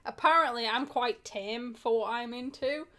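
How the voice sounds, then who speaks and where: A high-pitched woman chatting on a stream. She talks frankly and rambles, swearing and giggling along the way. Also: moderate pace, pushed and bright. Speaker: co-host. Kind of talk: casual chat.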